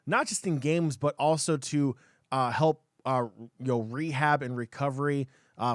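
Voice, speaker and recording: A man co-hosting a gaming podcast, talking in an excitable, rambling way with many fillers and restarts. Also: medium pitch, smooth, dry recording, clean studio sound. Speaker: podcast co-host. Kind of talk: casual chat.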